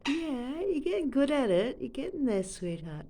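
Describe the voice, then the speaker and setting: An Australian woman leans over a couch at home, chatting to her parrot in a doting, baby-talk way. Her voice sits fairly high and swoops around a lot, with a gravelly fry underneath. She talks slowly and unhurriedly, filmed on a phone held close. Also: big pitch swings, mellow, slight background noise. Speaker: pet parrot owner. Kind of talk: casual chat to a pet on camera. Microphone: phone camera held close.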